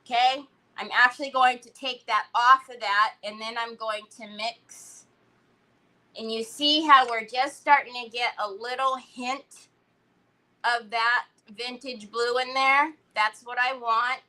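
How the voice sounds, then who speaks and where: A woman's voice: fairly high pitch, steady tone, a little slow, bright, forceful tone, low-quality recording. A woman hosting a casual crafting livestream, chatting, laughing and greeting viewers by name.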